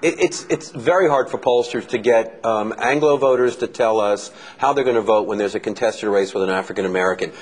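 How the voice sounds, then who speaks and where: A middle-aged man with a Southern US accent, a professor answering interview questions in a measured, analytical way. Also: on the low side, slightly rough, low-quality recording. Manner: measured, analytical, explains with numbers. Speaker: political science professor.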